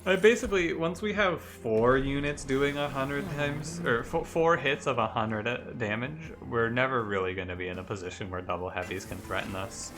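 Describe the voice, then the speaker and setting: A young man streaming a card game, giving casual commentary in a rambling, chatty way full of quick self-corrections. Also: medium pitch. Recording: game music playing behind the voice.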